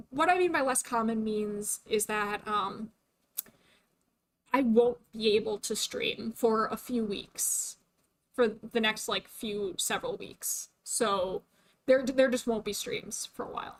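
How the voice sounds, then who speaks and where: A woman's voice: on the high side, animated, a little slow, a bit bright. A young adult woman streaming casually, chatty with many fillers and frequent laughs, her voice starting to tire. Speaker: VTuber streamer. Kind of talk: casual livestream chat.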